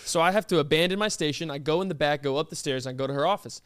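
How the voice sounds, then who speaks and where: A young man hosting a podcast, telling a story in a casual, animated, indignant way with quick rhetorical questions. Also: a little high, slight background noise. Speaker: podcast host.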